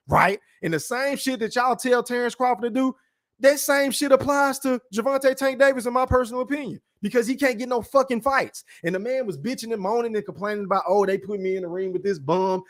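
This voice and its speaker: A man's voice: very high-pitched, expressive, brisk. A man hosting a podcast, ranting bluntly and profanely in a casual livestream about boxing while reading chat comments. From Texas. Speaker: podcast host.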